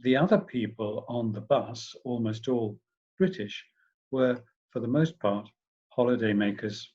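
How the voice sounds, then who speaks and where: A man, a professor, reading a humorous story aloud in a measured, expressive way. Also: mid-range voice, highs cut off, slight background noise.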